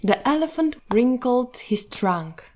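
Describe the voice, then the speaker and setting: A woman reading a children's fairy tale aloud as narrator, in an expressive storybook manner. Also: on the high side, takes it slowly.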